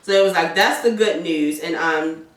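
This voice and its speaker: A woman's voice: fairly low pitch, normal speed. A woman in casual chat, animatedly retelling a TV episode with plenty of profanity. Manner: animated retelling with acted-out quotes, heavy profanity. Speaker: podcast co-host recapping a TV episode. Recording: echoey room from far off the mic.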